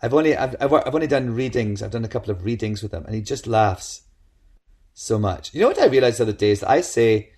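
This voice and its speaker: A middle-aged man, chatting as a guest and telling lively anecdotes, often slipping into quoted voices. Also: mid-range voice, quick pace. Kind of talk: casual chat.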